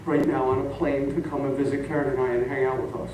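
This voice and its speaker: A middle-aged pastor preaches a storytelling sermon in a church sanctuary, animated and laughing along as he goes. His mid-range voice moves at a quick pace, recorded from far off in an echoey hall with background noise.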